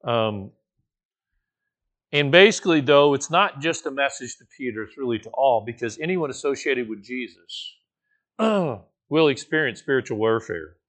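In an unhurried, medium-pitched voice, a man leads a Bible study as pastor, delivering a conversational sermon. He's informal and animated, with playful asides and light laughter.

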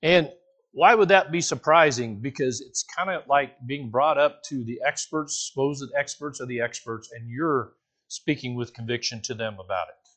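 Man preaching, casual and animated. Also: mid-range voice, normal speed. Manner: casual, animated, asks the listeners questions, jokes, restarts often. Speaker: pastor teaching a Bible study. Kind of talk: conversational sermon.

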